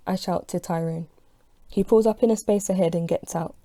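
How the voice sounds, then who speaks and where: A woman's voice: on the low side, fairly even intonation, normal speed, mellow, dry recording, clean studio sound. A woman reading her own novel aloud as an audiobook, telling it in the first person with expression. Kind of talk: audiobook narration.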